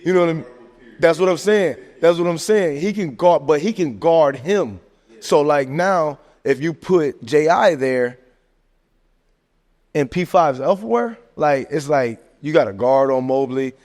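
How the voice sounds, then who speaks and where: A man talking sports casually on a podcast, animated and joking, tossing in "man" and "hey, look" constantly. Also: on the high side, measured pace. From American South. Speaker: podcast host. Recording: long hall reverb.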